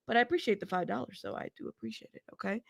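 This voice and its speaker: A woman's voice: medium pitch, expressive, racing, gravelly. A woman hosting a casual news livestream, chatty and blunt, who laughs often, greets her chat by name and has a slightly sick throat.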